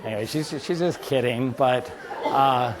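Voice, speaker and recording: Animated man giving a biology lecture. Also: medium pitch, a little slow, crowd noise, noisy background. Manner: animated storyteller, quotes friends in asides. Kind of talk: lively lecture with anecdotes. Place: lecture hall.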